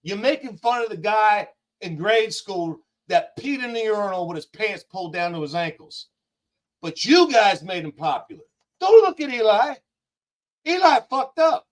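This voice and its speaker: A man calling in as a guest, delivering a blunt, profane rant with rapid-fire jabs. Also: high voice, big pitch swings, rough recording. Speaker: call-in guest.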